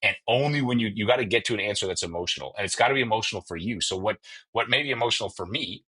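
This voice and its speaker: A man with a husky voice, hosting an energetic, emphatic motivational podcast and telling stories with quoted dialogue. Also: on the low side, rapid-fire, low-quality recording. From Canada. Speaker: podcast host and mortgage coach. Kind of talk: motivational solo podcast talk.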